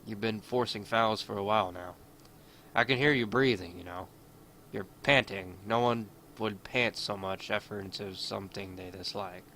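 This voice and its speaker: A man voicing a sharp, suspicious young woman basketball player in a game playthrough, speaking in an accusing, questioning way. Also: fairly low pitch, normal speed, a little hiss or hum.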